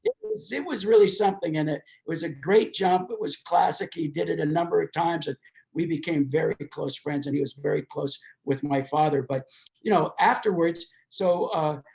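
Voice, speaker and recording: An older man with a rough, gravelly voice pitched a little high tells stories as a podcast guest. He jumps into the voices of the people he describes. The sound is dull and lo-fi. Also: normal speed. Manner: animated, acts out quoted voices while telling anecdotes. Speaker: guest, race promoter. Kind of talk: storytelling in a podcast interview.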